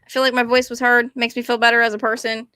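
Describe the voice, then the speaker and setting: High, bright young woman ranting. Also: flat delivery, quick pace, smooth, no room sound, studio quality. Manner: rambling, apologetic, self-deprecating. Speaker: vlogger. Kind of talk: rambling casual rant.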